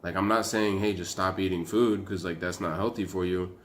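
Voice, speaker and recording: A young man with a very low voice rants to the camera in a loose, profane, rambling way. He leans on fillers like "like" and "man." A faint hiss of noise sits under his voice. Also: fairly even intonation, a little fast. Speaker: vlogger. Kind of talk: casual rant to camera.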